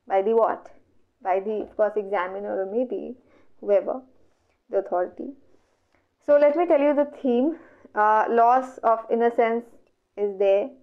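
A woman with an Indian English accent teaching an online exam revision lecture, working through questions step by step and asking herself questions that she then answers. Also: fairly high pitch. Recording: dull lo-fi audio.

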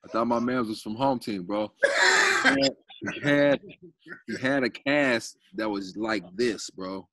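A man's voice: medium pitch, sing-song, slow, fairly bright tone, slight background noise. Slangy man telling stories. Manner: loose, slangy, swears freely, repeats words. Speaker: podcast guest, pro basketball player. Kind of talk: casual storytelling.

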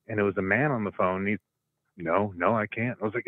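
A man from Tennessee calling into a radio show, telling a story in an animated way, acting out voices and laughing along. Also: fairly low pitch, fairly quick, dry recording. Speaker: caller. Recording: tinny dry phone line.

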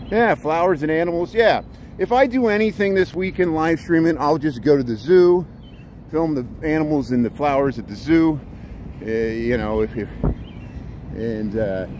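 A man with a mid-range, slightly mellow voice live-streams a walk along city streets and park paths, chatting casually and greeting viewers by name. He's a bit out of breath from walking and talking, and wind hits the mic amid traffic and wind noise.

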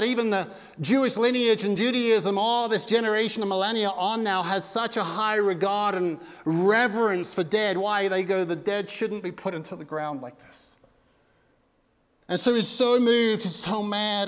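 A male pastor preaching an impassioned sermon, swinging between loud and hushed. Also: high voice, clean tone. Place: church sanctuary. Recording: long reverb of a church hall.

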